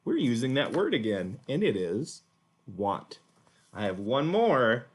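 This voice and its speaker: Patient guy teaching kids with a puppet, husky voice that bounces around a lot. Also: medium pitch, very animated, measured pace. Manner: patient, encouraging, clearly spoken. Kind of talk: speech lesson for children.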